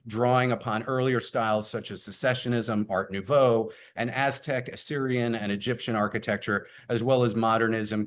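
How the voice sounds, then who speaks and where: Halting man presenting a webinar. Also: fairly low pitch. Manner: many filler words, halting. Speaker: program presenter for a preservation group. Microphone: computer mic on a video call.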